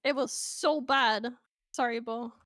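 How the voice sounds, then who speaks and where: High-voiced Swedish woman chatting playfully. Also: slow pace, a bit bright, dry recording, clean studio sound. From Sweden. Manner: playful, chatty, swears casually. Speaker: guest on a stream. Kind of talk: casual chat with stream viewers.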